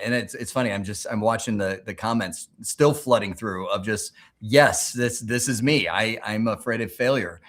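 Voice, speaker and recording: A man hosting a livestream, telling stories in a casual, animated way, often restarting his sentences. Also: mid-range voice. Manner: animated, rambling storytelling with many restarts. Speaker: livestream host.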